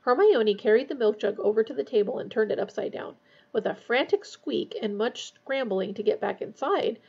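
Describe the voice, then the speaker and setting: A woman reading a novel aloud in a steady, measured way. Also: a little high, husky, dull audio. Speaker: audiobook reader.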